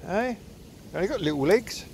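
A middle-aged man, walking outdoors with his phone in hand and chattering to his dogs. He teases them in a bouncy, sing-song voice that sits a touch high and swings widely. Light outdoor hiss runs underneath. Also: animated, brisk, a little mellow. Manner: chatty, teasing, sing-song talk to pets. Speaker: dog owner filming a walk. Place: outdoors by water in the countryside. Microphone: phone held while walking.

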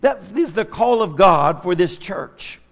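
A middle-aged male pastor with a high voice preaches with passion, dropping to near hushes and rising to loud, fervent peaks. His words ring out with a long reverb in a church sanctuary. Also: expressive, a little slow. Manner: impassioned preaching with dramatic swings between soft and loud. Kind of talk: sermon.

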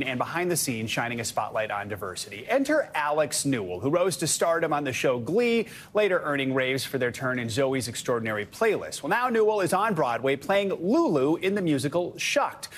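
A man presenting a news segment and interviewing a guest, with a lively, animated delivery. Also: a little high, normal speed, few pauses, slight background noise.

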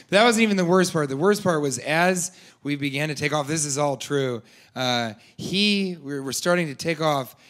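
Deadpan man doing stand-up. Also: a little high. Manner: deadpan, rambling asides. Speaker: stand-up comedian. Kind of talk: stand-up comedy. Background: audience laughter.

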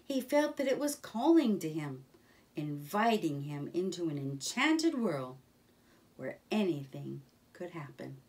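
A woman reading a children's book aloud, telling the story in an expressive, measured way. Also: deep voice, slight background noise. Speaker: storybook reader.

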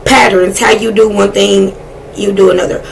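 A woman giving a casual tarot reading, blunt and excitable, swearing freely as she talks to spirit. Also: mid-range voice, moderate pace, gravelly, slight background noise, poor audio. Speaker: tarot reader.

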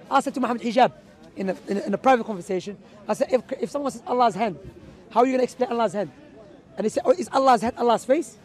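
A man's voice: extremely high pitch, a little mellow. A man, a street preacher, arguing emphatically in an impromptu outdoor debate, mixing in religious Arabic phrases. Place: outdoors in a city park.

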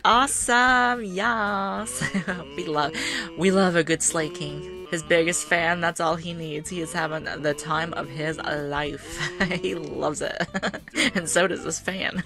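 Excitable woman cheering on a game. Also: lowish voice, measured pace, soft background music. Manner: chatty and excitable, cheering, teasing and laughing. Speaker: gaming channel host. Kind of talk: casual game commentary.

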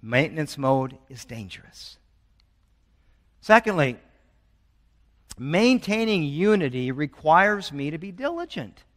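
A man's voice: fairly high pitch, sing-song, slow, pauses often. Earnest man preaching in a reverberant church. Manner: earnest, building urgency with storytelling. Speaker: pastor. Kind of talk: sermon. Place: church sanctuary.

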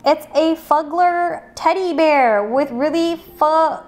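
A woman's voice: high-pitched, slow, a little mellow. A woman hosting a toy unboxing video, bubbly and playful, chatting as she opens each item and sometimes slipping into silly voices for the toys.

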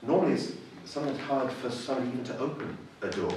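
A man's voice: medium pitch, fast, a little mellow, slight background noise. A man with an English accent giving a personal testimony, a self-deprecating storyteller who acts out the voices of people in his story. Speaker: church member giving a testimony. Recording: echoey room heard from a distance.

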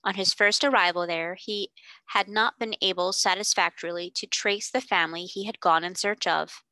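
A woman reading a children's classic aloud in a clear, steady narration. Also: medium pitch, moderate pace, no echo. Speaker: reader. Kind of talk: audiobook narration.

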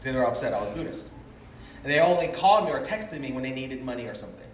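A man's voice: mid-range voice, animated, quick pace. A man preaching an emotional revival sermon, earnest and pleading, drawing out his phrases tenderly. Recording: roomy, distant live sermon audio with faint noise.

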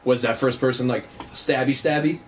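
A young man streaming a horror game, joking loudly and swearing with friends. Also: medium pitch, fairly even intonation, moderate pace, slight background noise. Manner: loud joking outbursts, swearing. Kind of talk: casual livestream banter.

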